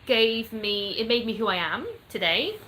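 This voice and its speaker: An English woman hosts a casual livestream, upbeat as she reads comments and greets viewers by name. Her voice is a little high, bright and pushed, at a moderate pace. Birdsong plays behind her, with a touch of hiss or hum.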